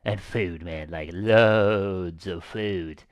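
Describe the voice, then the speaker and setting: A man's voice: low voice, very slow, no echo, studio quality, pitched below the performer's own voice. A man plays a laid-back young surfer dude with a loose stoner drawl. He stretches his words out in slang like he hasn't a care in the world. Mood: eager. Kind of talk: reading game dialogue aloud.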